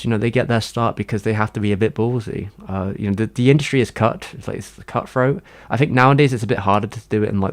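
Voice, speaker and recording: On a livestream, a man with a fairly low voice chats casually, responding to his chat in a rambling, hesitant manner packed with fillers and restarts.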